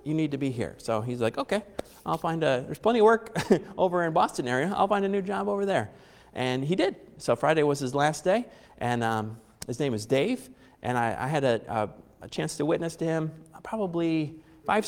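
A man's voice: fairly high pitch, in a large hall. A man preaching a conversational sermon, repeating phrases for emphasis and chuckling now and then.

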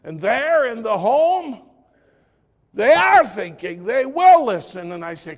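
A male pastor preaching a sermon in a conversational, storytelling way, swinging from loud emphatic lines to hushed soft ones. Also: very high-pitched, sing-song, slow.

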